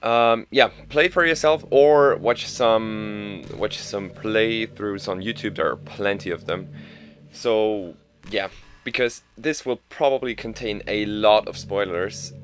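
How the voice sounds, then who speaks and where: A man's voice: on the low side, slow pace. A man giving casual commentary over a game playthrough, hesitant, with many fillers and restarts. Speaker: game player.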